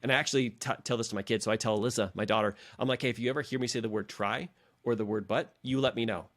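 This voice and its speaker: Man, middle-aged, podcast host, motivational coach, casual, encouraging, mid-pitched voice. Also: steady tone, racing, fairly bright tone. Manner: earnest and encouraging, addresses listeners as guys.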